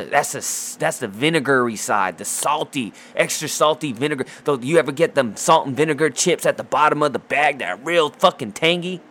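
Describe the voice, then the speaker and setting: In a loose sports rant, this man swears freely and trash-talks with real heat, rambling, restarting sentences and wandering off into asides. His voice sits at an ordinary middle pitch with a fairly bright tone.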